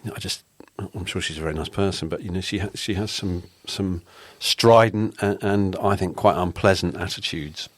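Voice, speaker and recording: A middle-aged man, a former editor, talking in a casual chat, teasing and halting with many ums and restarts. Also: low-pitched, fairly even intonation, husky, no room sound. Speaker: podcast co-host, former editor.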